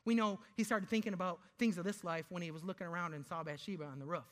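A man preaching a sermon, emphatic, asking rhetorical questions and slowing down to stress key words. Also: sits high, steady tone, fairly bright tone. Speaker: pastor.

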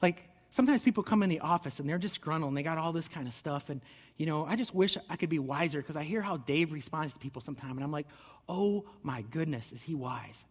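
A man's voice: a little high, fast talker, long reverb tail. A man giving a sermon as pastor, conversational and earnest, often restarting his words. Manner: conversational preaching with repeated restarts.

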